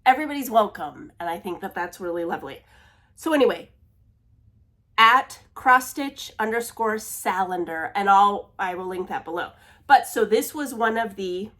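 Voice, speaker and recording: A woman talks casually through her stitching projects at a middle pitch. She laughs at herself and apologizes often. Now and then she drops to a near-whisper when she fumbles. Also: animated, a little slow, fairly bright tone. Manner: chatty, self-deprecating, laughs and apologizes often. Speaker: cross-stitch vlogger. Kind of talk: casual chat.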